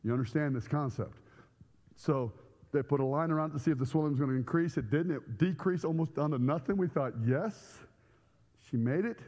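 Man, middle-aged, pastor, animated storytelling sermon, high-pitched voice, long hall echo. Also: fast. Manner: animated storyteller acting out scenes with shouts and sound effects. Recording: echoey hall.

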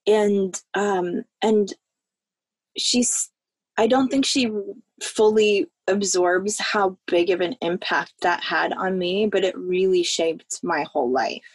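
A woman from the American South, a podcast guest recounting a childhood memory in a halting, heartfelt way. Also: medium pitch, dry recording. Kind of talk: personal storytelling in a podcast interview.

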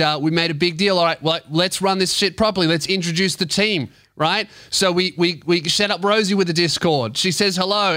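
Brief: Australian comic host, high bright voice, brash swearing banter, dry close studio mic. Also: male voice, no room sound. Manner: loud, joking, swears freely, teasing. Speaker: comedian podcast host. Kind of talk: crude comedic podcast banter. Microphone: studio microphone.

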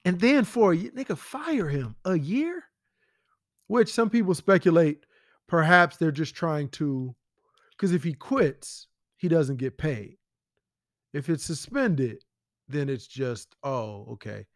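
A man with a slightly high voice talks straight into the mic in a casual podcast monologue. His delivery is blunt and profane, full of rhetorical questions. The sound is dry and close, with no room around it. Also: very animated, slow, no echo. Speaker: podcast host.

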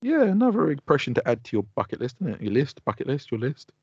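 A man's voice: medium pitch, sing-song, quick pace, darkish tone, breathy edge, no echo. A man from the UK co-hosting a podcast, laid-back and teasing in sweary banter. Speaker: podcast co-host. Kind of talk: casual podcast chat. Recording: dry, slightly dull lo-fi audio.

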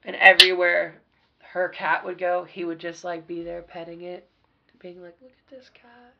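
A woman guest on a podcast, casually telling party stories in a profane, animated way with sudden loud bursts. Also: fairly low pitch, normal speed, creaky, muffled recording. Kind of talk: casual storytelling chat.

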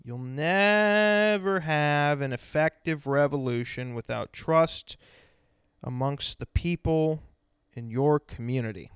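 A man's voice: a little high, slow pace, a bit bright, clear, resonant tone, dry recording. A man hosting a podcast, ranting bluntly and sarcastically, swearing constantly. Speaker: podcast host. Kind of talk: profane ranting monologue.

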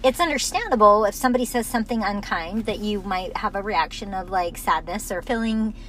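A woman co-hosting a casual conversation, calmly explaining her ideas and laughing often. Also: medium pitch, fairly quick, a little hiss or hum, low-quality recording.

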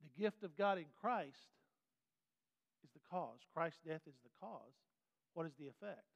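A man's voice: on the high side, measured pace, gravelly. Folksy man teaching a Bible lesson. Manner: folksy, animated, asks the class questions. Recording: dull sound with long hall reverb.

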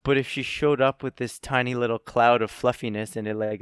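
A man's voice: medium pitch, fairly even intonation, moderate pace, few pauses, smooth, no room sound, clean studio sound. A man co-hosting a podcast, chatting casually, laid-back, laughing often and swearing freely. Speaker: podcast co-host. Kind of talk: casual chat.

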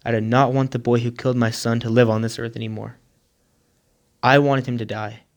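A man voicing a grieving, forgiving middle-aged mother in a retold story, in a quiet, earnest way. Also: medium pitch, flat delivery, brisk, natural voice.

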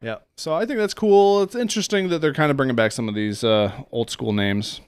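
A man's voice: mid-range voice, brisk, smooth, no room sound. A man in an easygoing podcast chat, wandering through car news with loose jokes and frequent laughs. His voice sits in a middling register and is recorded dry and close, with no room around it. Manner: joking, rambling, laughs often. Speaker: podcast co-host. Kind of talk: casual chat.

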